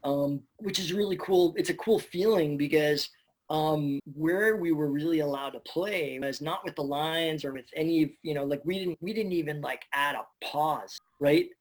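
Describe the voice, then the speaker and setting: Chatty, animated man telling stories. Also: on the high side, moderate pace. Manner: animated, chatty, swears casually. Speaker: voice actor guest. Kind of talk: casual interview storytelling.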